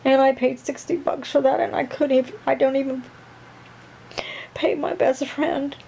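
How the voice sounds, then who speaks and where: A woman voicing an emotional young woman who talks in halting, fretful bursts and repeats her words. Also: high-pitched, level tone, vocal fry, mellow, a little hiss or hum, poor audio.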